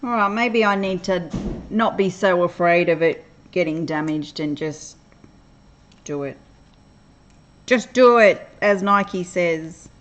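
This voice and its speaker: A woman's voice: lowish voice, measured pace, lo-fi sound. A middle-aged woman from Australia with an Australian accent, chatting casually on a livestream, reading viewers' comments aloud and laughing often. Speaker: livestream host.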